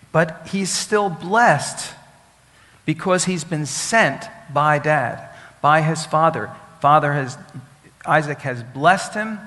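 Preacher, male, somewhat high voice, emphatic and repetitive, questions the flock; long hall reverb. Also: fairly bright tone. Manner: teaching with Hebrew words, asks the congregation questions; emphatic, repeats key phrases. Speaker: rabbi. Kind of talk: sermon.

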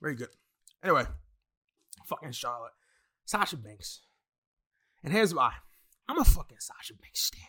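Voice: mid-range voice, sing-song, moderate pace, long pauses, bright, forceful tone, breathy edge. A wrestling fan in a casual, profane rant full of exasperated asides and heavy swearing.

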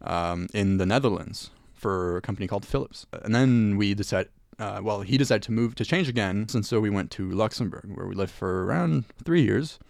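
A young man with a French accent, a guest talking haltingly in a casual radio interview, often restarting his sentences. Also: lowish voice, creaky, no room sound, clean studio sound. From Italy. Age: young adult. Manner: halting, many restarts and fillers.

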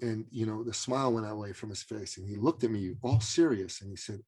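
A man's voice: on the low side, fairly quick, few pauses, husky. Man telling a story on a podcast. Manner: animated, with repeated restarts. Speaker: podcast guest, coach. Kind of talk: casual storytelling.

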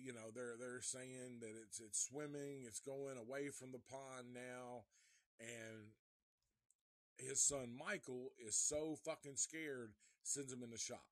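A man's voice: medium pitch, steady tone, slow, dry recording. A man hosting a podcast, casually retelling a film in a rambling, profanity-heavy way. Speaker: podcast host.

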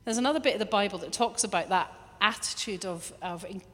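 A woman preaching a lively sermon, now and then acting out little quoted voices. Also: mid-range voice, fast. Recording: long hall reverb.

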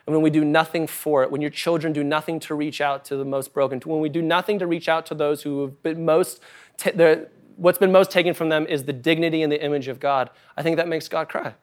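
A pastor preaching in a loose, conversational way, with a voice a little higher than most men's. He pushes some points out loudly and emphatically, then drops to a soft, quiet tone for others. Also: steady tone, brisk. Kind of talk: sermon. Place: church service before a congregation.

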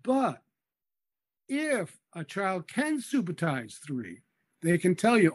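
Slow, high-voiced man explaining patiently. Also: huge pitch swings. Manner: patient, methodical explaining with small hesitations. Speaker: education expert. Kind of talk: explaining in an interview.

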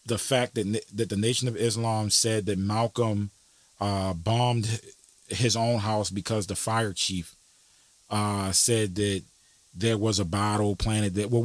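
A man hosting a podcast, talking through history in an earnest, casual way with many fillers, turning animated when he makes a point. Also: fairly low pitch, no room sound. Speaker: podcast host.

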